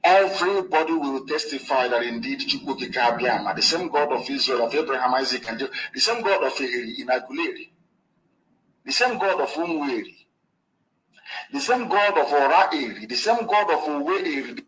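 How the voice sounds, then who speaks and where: A man's voice: mid-range voice, lively intonation, brisk, fairly bright tone, a little hiss or hum, low-quality recording. A man giving an emphatic, preacherly radio broadcast address, played as a clip.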